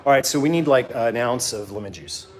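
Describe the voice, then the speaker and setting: A man chats his way through a cocktail demo in his home kitchen, joking and rambling with many ums. His voice sits mid-range, with music playing clearly in the background. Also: mid-range voice, lively intonation, fairly quick. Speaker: home cocktail show host. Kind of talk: casual cooking chat.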